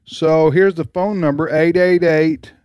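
A man's voice: fairly high pitch, fairly even intonation, measured pace, darkish tone, clean tone, dry recording, studio quality. A man hosting a casual call-in radio show, upbeat and repeating the show details. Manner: upbeat, repeats phone number and show name. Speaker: radio host.

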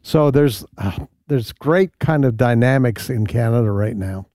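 Measured, mellow-voiced male panelist. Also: mid-range voice, dry recording, clean studio sound. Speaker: panel guest. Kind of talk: casual panel discussion.

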